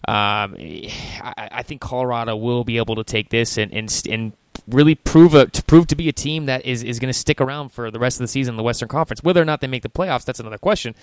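A man's voice: medium pitch, quick pace, clear, resonant tone, dry recording. A man co-hosting a soccer podcast, previewing games in an upbeat way with many fillers. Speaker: podcast co-host. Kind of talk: casual soccer talk.

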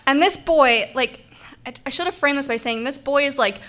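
On stage, a young woman tells a funny personal story, animated and laughing often as she acts out the voices of the people involved. Her voice sits high and she speaks at a normal speed.

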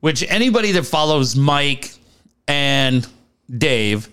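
A man's voice: fairly high pitch, big pitch swings, slow pace, sharp tone, smooth. A middle-aged man co-hosting a podcast, teasing his partner with exclamations in casual chat. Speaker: podcast co-host.

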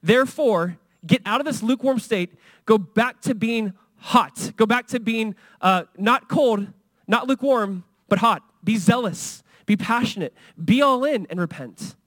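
A man's voice: sits high, unhurried, fairly bright tone, dry recording. A male pastor preaching a sermon in an earnest, conversational way, a father who acts out the voices he quotes. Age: young adult or middle-aged, father of a son.

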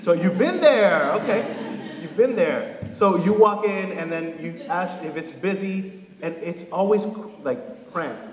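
A man's voice: high-pitched, animated, unhurried. A man in his thirties preaching a casual, joking sermon as a pastor, often checking in with his listeners. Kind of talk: conversational sermon. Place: church sanctuary. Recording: echoey hall with long reverb.

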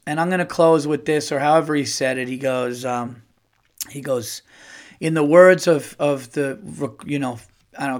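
A middle-aged man hosts his podcast with a voice pitched a little high for a man. He tells a story in loose, animated casual chat, swearing freely and repeating himself as he goes. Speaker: podcast host.

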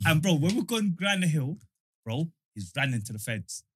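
Young man, lively husky storyteller, dry close sound. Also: on the high side, moderate pace, no echo. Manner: animated, acts out voices in his stories. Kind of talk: casual storytelling chat.

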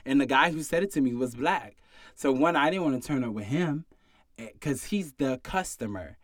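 A man's voice: medium pitch, a little fast, no room sound. A young man casually telling a story about his bartending job, acting out other people's lines. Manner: animated storytelling, acts out other people's quotes.

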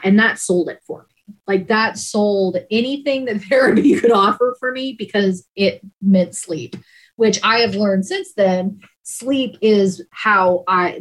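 In a rough recording, a woman with a mid-range voice opens up emotionally in an interview about her work as an emergency dispatcher. She speaks frankly and fills her sentences with "like."

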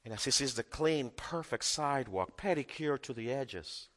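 Bright-voiced preaching pastor in reverberant church. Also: male voice, medium pitch, expressive, normal speed. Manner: emphatic preaching with repeated phrases. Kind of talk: sermon.

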